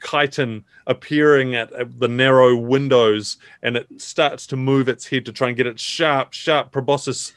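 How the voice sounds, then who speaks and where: A man narrating a tabletop game as game master, in a measured, descriptive way with fillers. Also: mid-range voice, fairly even intonation, a bit bright, smooth, no echo.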